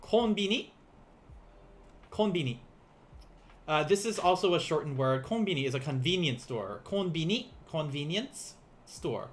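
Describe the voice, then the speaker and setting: A young male language teacher runs a casual livestream teaching beginner vocabulary, saying each word slowly for learners. He's playful and laughs easily, and his voice is a little high and expressive.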